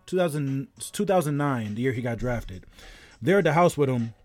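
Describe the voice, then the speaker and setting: A man's voice: mid-range voice, animated, moderate pace, a little mellow, dry recording, soft background music. Easygoing man rambling on a game stream. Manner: rambling, easygoing storyteller greeting viewers. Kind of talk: casual live-stream chat.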